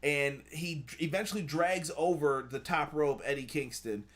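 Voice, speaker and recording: A man with a somewhat high voice hosts a loose, casual review chat. He talks in an animated way, swears freely and acts out what others said. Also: moderate pace. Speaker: show host reading chat.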